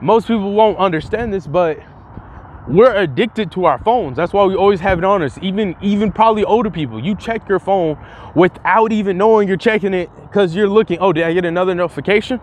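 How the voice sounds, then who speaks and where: A man's voice: high voice, fairly quick, a little hiss or hum. A young man vlogging in casual commentary, rambling and profane, often restarting his sentences. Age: young adult.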